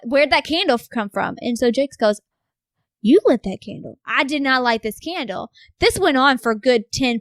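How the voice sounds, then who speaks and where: A woman in her thirties tells stories on a podcast with a fairly high, lively voice, swearing freely and acting out what people said. The recording is close and dry, with no room sound. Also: dry recording. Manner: animated storyteller, swears freely, acts out quotes. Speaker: podcast guest. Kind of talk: casual chat.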